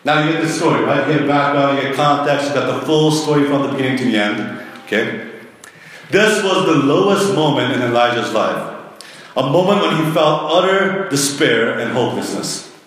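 A man's voice: medium pitch, lively intonation, moderate pace, fairly bright tone. A male pastor giving a sermon, reading scripture aloud and acting out the prophet's complaints in a raised, exasperated voice. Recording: echoey hall with long reverb.

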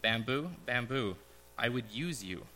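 A man voicing a gentle, grave male master of a garden in a read-aloud parable, speaking quietly and slowly. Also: medium pitch, expressive, faint music behind. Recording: echoey large hall.

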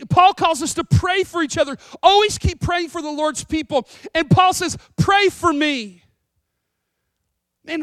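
A woman pastor preaching a sermon, earnest and emphatic, slowing down to stress lines of scripture. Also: high-pitched, fairly bright tone, no room sound, clean studio sound. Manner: earnest, emphatic, with scripture readings and dramatic slowdowns.

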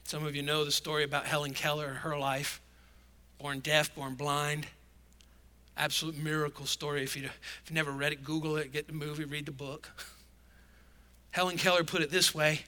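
A man's voice: on the high side, level tone, normal speed, sharp tone. A male pastor delivering a sermon in an emphatic, conversational preaching manner.

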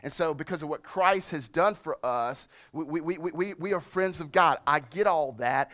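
A middle-aged male pastor preaching a sermon, slowing and rising on scripture and dropping soft and low when he reflects. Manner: emphatic preaching, slows and rises on scripture, drops soft on reflection.

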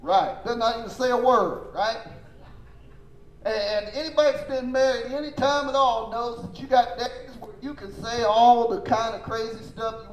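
A man's voice: very high-pitched, reverberant, rough recording. A man preaching a sermon as pastor, emphatic and folksy, calling out to his congregation for responses. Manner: folksy, informal phrasing.

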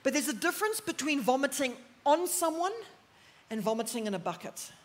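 A woman's voice: sits high, sing-song, fairly quick. A middle-aged South African woman, a counselor, preaching a sermon in a conversational way with personal stories and joking asides. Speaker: pastor's wife and counselor.

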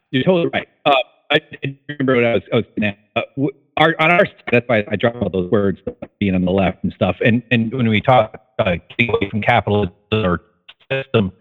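A man calls into a show and stumbles through his points, restarting often. His pitch swings widely. The line is tinny and thin. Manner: halting, restarting with ums. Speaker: caller. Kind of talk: casual phone chat. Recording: tinny phone line with faint music.

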